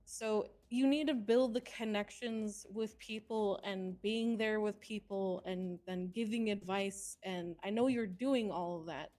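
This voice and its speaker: A woman streamer playing a senior police officer, giving relaxed advice and swearing casually. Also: mid-range voice, measured pace, hardly any pauses.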